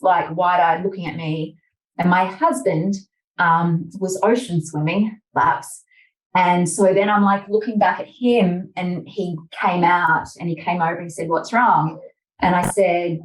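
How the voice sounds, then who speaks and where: A woman's voice: on the low side, fairly even intonation, measured pace. A woman, a mother of young children, telling a personal story in an interview and acting out her own panicked thoughts. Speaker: interview guest. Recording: distant, echoey room sound.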